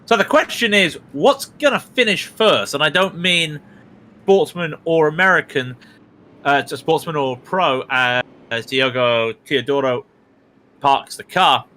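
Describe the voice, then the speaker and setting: A man from Britain calling a sim race live, chatty and excitable, his voice rising on the big moments. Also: on the high side, measured pace. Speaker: sim racing commentator. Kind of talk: live esports race commentary.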